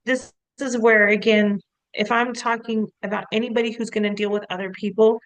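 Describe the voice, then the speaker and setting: A woman co-hosting a casual podcast as a coach, talking in an animated, storytelling way, full of "like" fillers and easy laughs. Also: a little high, brisk, dry recording, low-quality recording.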